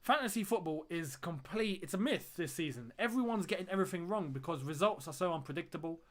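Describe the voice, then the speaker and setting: A man's voice: a little high, animated, fast. A young man hosting a live-stream watchalong, chatting to viewers, reading out their comments and often repeating phrases for emphasis. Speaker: fan channel host.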